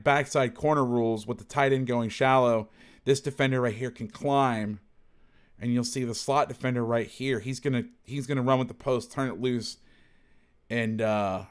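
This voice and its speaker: A man's voice: medium pitch, smooth. A man who coaches football, talking casually through game film, blunt and salty, thinking aloud and correcting himself as he goes.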